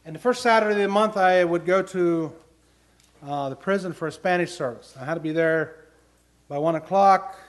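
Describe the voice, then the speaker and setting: Earnest high-voiced male preacher. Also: moderate pace. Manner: earnest storytelling, rising to emphatic questions. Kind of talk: sermon with personal stories.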